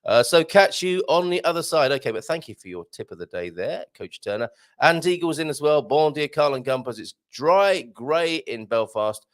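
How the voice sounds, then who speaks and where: A man's voice: on the high side, very animated, normal speed. A man hosting a live show from a small studio, reading out listener messages in a chatty, rambling way with jokey asides. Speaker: radio show host.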